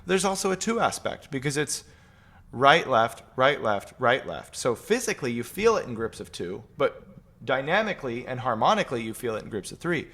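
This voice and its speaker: A man's voice: mid-range voice, big pitch swings, brisk. A man teaching piano in a casual question-and-answer lesson, counting patterns aloud while he demonstrates at the keyboard. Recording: loud piano playing behind voice. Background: piano playing.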